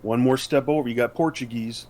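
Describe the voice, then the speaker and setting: A man's voice: mid-range voice, steady tone, fairly quick, a little mellow. A man co-hosting a podcast in casual chat, rambling with many fillers and restarts. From United States. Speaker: podcast co-host.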